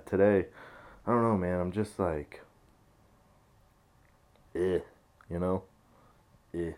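Male podcast host, deep voice, unhurried and rambling, swears a lot, sounds tired. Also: darkish tone. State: low energy, uncaffeinated. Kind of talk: casual solo podcast rant.

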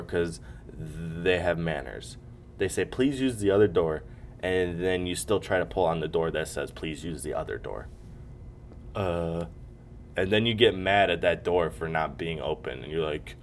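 A man's voice: low voice, unhurried, slight background noise. A man hosting a solo podcast, joking and ranting casually with lots of swearing and mocking impressions. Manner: casual, profane, jokey, slips into mocking impressions. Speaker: podcast host. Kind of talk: solo comedic podcast rant.

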